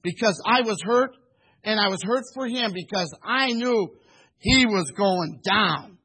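A man's voice: sits high, measured pace, pushed and bright, slightly rough, poor audio. A male pastor preaching a sermon, telling a story with emphasis and acting out the conversations in it.

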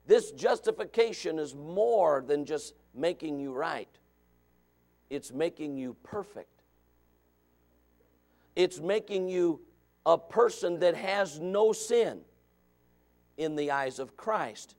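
High-voiced preacher, loud to quiet. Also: male voice, expressive, slow. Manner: conversational preaching, shifts from quiet asides to shouts. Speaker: pastor. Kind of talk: sermon.

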